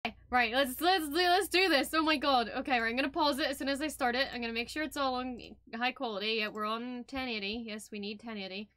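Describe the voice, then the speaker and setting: A young woman YouTuber filming a reaction video, gushing with breathless excitement, piling up exclamations and the odd swear word. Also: high voice, fast, few pauses, no room sound. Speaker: YouTuber and streamer reacting to a trailer.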